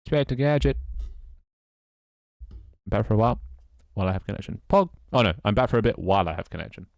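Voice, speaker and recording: A British man with a deep, low voice, talking half to himself and half to his viewers while he works on code. He grumbles and swears when something breaks and then drifts into easy chat. The sound is close and dry, with no room around it. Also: rapid-fire, dry recording. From Britain. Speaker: streamer. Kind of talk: casual live-stream chat while coding.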